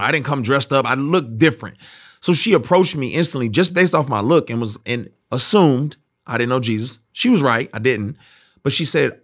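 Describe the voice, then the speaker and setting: A young adult man speaks to camera as the host of his own show, in a casual, conversational commentary. He tells stories with energy and briefly puts on the voices of people in them. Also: mid-range voice. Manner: animated storytelling, acts out voices of people in anecdotes.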